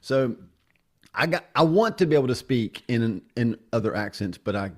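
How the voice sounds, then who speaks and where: A man's voice: mid-range voice, lively intonation, normal speed, darkish tone. A man who is a pastor and podcast host, chatting casually and telling self-deprecating stories. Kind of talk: casual interview chat.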